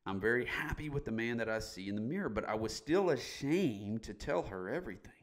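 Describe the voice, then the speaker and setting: A man's voice: medium pitch, expressive, brisk. A middle-aged man as a podcast guest, candidly telling his story in a blunt, emphatic way and swearing casually.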